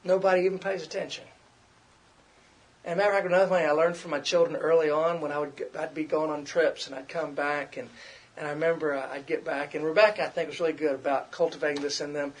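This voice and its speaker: A man's voice: on the high side, fairly even intonation, fast talker. A middle-aged man preaching a conversational sermon, repeating himself and acting out quoted complaints.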